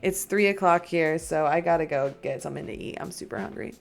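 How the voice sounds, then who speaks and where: Low, creaky, and a little fast, a young woman's voice carries her casual live-stream chat as she plays a horror game at her desk microphone. Nerves get to her, and she often falls into fearful whispers.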